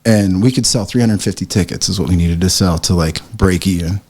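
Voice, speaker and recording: A man's voice: sits low, fairly quick. A man from the area, a print shop owner telling a story as a podcast guest, laughing and acting out what people said. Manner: animated, laughing, acts out quoted lines. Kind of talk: casual storytelling chat.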